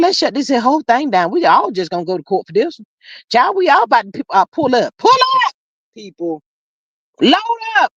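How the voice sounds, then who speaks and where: A chatty stream host with a bouncy, lively voice and humming, slangy asides, heard close and dry through a dull lo-fi mic. The delivery is playful and loose as they read viewer comments aloud. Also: high voice, dry recording. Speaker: livestream host reading viewer chat. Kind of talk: casual commentary.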